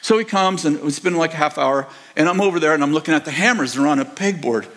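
A man's voice: fairly high pitch, fast talker, fairly bright tone. An older man in his sixties, a pastor telling rambling, self-correcting childhood stories in a sermon, acting out the quotes. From United States. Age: 60s. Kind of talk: storytelling sermon. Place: church auditorium.

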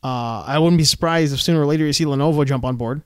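Man, casual podcast chat, fairly high voice, dry close sound. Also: fast, smooth, no room sound. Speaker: podcast co-host.

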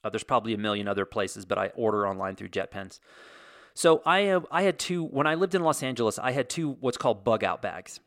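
A man's voice: fairly low pitch, lively intonation, brisk, fairly bright tone, dry recording, clean studio sound. A man in his forties hosting a casual solo monologue, telling stories in a wry, sarcastic way with comic exaggeration.

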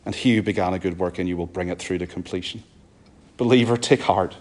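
A man with a Northern Irish accent preaching a sermon, earnest and pleading, often sinking to a soft, low emphasis. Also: fast talker. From Northern Ireland.

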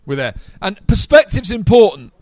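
A man preaching a sermon to a live congregation, energetic and talking straight to the audience. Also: sits high, measured pace, no echo.

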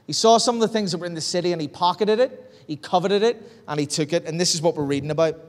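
Northern Irish male pastor, fairly high voice, chatty sermon delivery, long church-hall reverb. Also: fast. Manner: conversational, lively storytelling preaching.

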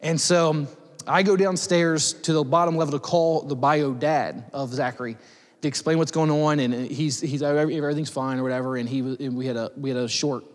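A man, a pastor, telling a personal story in a sermon, halting and restarting with many fillers. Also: a little high, fairly even intonation. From United States. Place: church sanctuary. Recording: long hall reverb.

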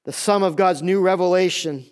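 A middle-aged man preaching from the pulpit, his voice sitting a little high for a man. He is animated and slips into other people's voices as he tells the story. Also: normal speed, smooth. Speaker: pastor. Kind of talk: sermon.

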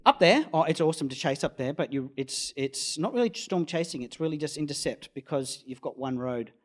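This Australian storm chaser speaks a little high and a little fast, animated as he spins a rambling interview anecdote. When quoting people, he acts their voices out loudly.

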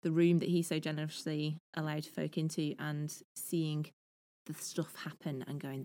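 A woman's voice: low-pitched, little pitch movement, normal speed, warm tone, no room sound. A woman in her thirties, a theatre director and podcast guest, talking enthusiastically in long, flowing sentences. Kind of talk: casual podcast interview. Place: podcast recording setting.

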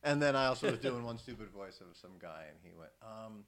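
Middle-aged guy from iowa swapping voice acting stories, bright voice, cusses a lot, pokes fun at himself. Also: fairly low pitch, brisk, hardly any pauses. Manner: profane, self-deprecating, animated. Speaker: voice actor, guest. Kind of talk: casual storytelling interview.

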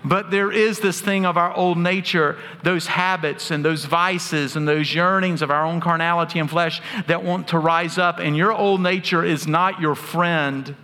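A man's voice: a little high, steady tone, unhurried, few pauses, sharp tone. A man, preaching a sermon as pastor, telling stories earnestly with touches of humor. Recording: long hall reverb.

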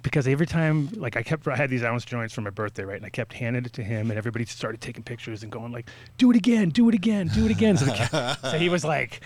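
Animated man telling a story. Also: fast, few pauses. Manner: animated, swearing, acts out quotes with sudden pitch jumps. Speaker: podcast guest telling a story. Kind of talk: casual storytelling.

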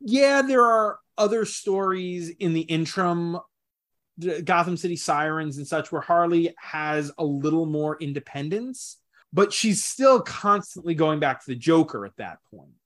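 A man co-hosting a casual comics podcast, explaining at length in a thoughtful, measured way. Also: a little high, expressive, fairly bright tone. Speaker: podcast co-host discussing comics. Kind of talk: casual chat.

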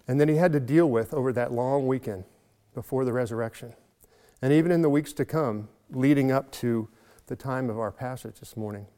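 A man preaching a sermon in an earnest way, slowing down and building up for emphasis. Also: mid-range voice, a little mellow, in a large hall. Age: adult, has a son. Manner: earnest, slows and swells for emphasis. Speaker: pastor.

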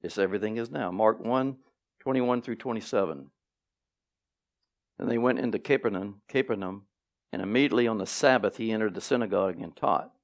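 Gravelly low-voiced male pastor preaching. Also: brisk. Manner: animated, repeats key phrases, playful asides. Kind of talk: sermon teaching. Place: church sanctuary.

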